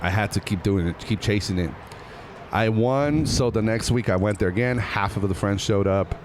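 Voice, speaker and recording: Male comedian, 30s, deep-ish voice, loose storyteller, cusses, faint traffic behind. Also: normal speed. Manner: animated, rambling, laughs at himself, swears casually. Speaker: comedian guest. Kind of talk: casual storytelling. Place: outdoors on a busy city boulevard.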